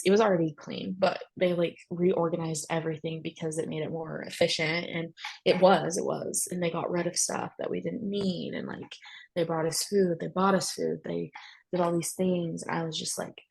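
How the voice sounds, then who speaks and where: A young woman with a low, gravelly, husky voice tells her story in a casual, candid way. Her speech comes in bursts and is full of fillers. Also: steady tone, moderate pace, a little mellow, low-quality recording. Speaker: guest sharing her story.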